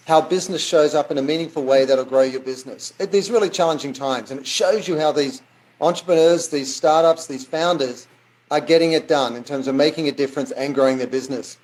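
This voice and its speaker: An Australian man speaking as a podcast guest, his voice a bit higher than most. He explains things in an upbeat, chatty way. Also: a little mellow, rough recording. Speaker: guest, business author. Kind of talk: casual interview chat.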